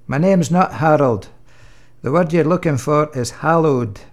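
A man's voice: on the high side, lightly acted. Man playing fatherly God, patient, dry humor, comic church sketch. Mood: teasing. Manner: dry, gently joking, unhurried.

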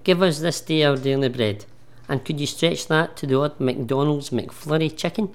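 A man's voice: on the high side, moderate pace, close to an everyday voice. A man playing a doubting, cheeky disciple in a comic church sketch. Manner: hesitant, cheeky. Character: doubtful grown male disciple. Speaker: radio station manager.

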